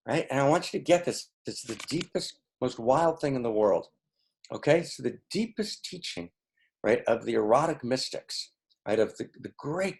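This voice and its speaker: A man giving an impassioned spiritual teaching on a video call, emphatic and often checking in with his listeners. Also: medium pitch. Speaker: teacher leading an online session.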